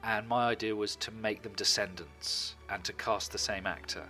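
A man, a guest telling animated, jokey stories in a casual interview. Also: lowish voice, normal speed, soft background music.

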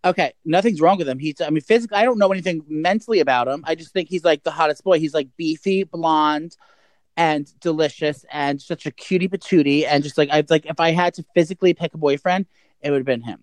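A man's voice: a little high, fast, no echo. A man telling a gossipy personal story in a casual, rambling way, full of restarts.

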